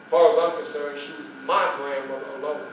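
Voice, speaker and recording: A man performing a first-person living-history monologue as a famous former slave, telling his life story to an audience, with loud excited quotes and quiet, grieving passages. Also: on the high side, brisk, noisy background, natural voice. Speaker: historical reenactor. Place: public library hall. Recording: distant voice in an echoey hall.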